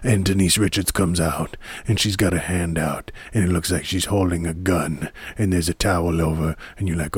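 A man's voice: low voice, steady tone, moderate pace, few pauses, husky, no echo. A man chatting casually and irreverently about a movie at home, rambling, swearing and laughing often. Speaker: movie commentator. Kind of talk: casual movie chat to camera. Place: home room in front of a DVD rack.

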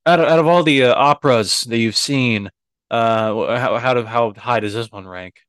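A man's voice: medium pitch, moderate pace, a bit bright, clean tone, no echo. A young man co-hosting a casual podcast, asking questions and teasing his friend. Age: young adult. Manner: teasing, jokey interjections. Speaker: podcast co-host. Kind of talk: casual chat.

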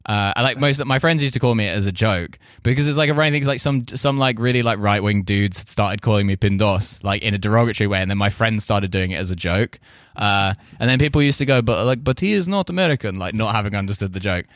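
A man's voice: on the low side, quick pace, few pauses, a bit bright, no echo, clean studio sound. An English man, a comedian guest, telling stories in casual podcast chat, rambling and swearing freely while acting out quotes.

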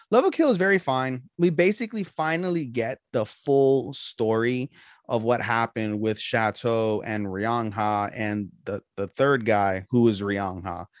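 A podcast co-host with a medium-pitched voice chats casually in an anime review, rambling through a plot recap with loose, profane talk. The recording is studio quality without echo.

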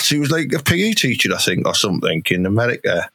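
This is a man with a Teesside accent in loose podcast banter. His pitch swings widely and his tone is bright and sharp. He laughs often and tells crude stories. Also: sing-song, fast talker, slightly rough. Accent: Teesside English. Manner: crude, laughing, reads out a list. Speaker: podcast co-host. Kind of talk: casual banter.

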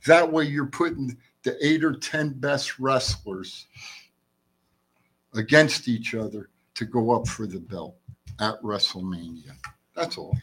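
A man's voice: medium pitch, slow pace, fairly bright tone, breathy edge, poor audio. A man co-hosting a podcast, giving blunt opinions in casual chat and repeating his points. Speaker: podcast co-host.

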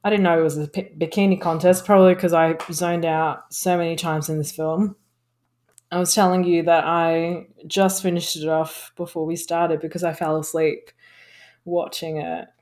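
A woman's voice: lowish voice, flat delivery, normal speed, a little mellow. A woman co-hosting a podcast, reviewing a bad film in a casual, sarcastic way and swearing freely. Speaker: podcast co-host.

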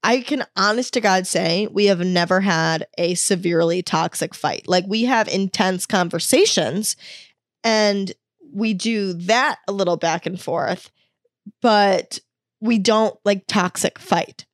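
A woman's voice: medium pitch, slow pace, dry recording, studio quality. A young woman in her twenties telling a confessional story, candid and self-mocking, swearing freely. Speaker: wellness vlogger.

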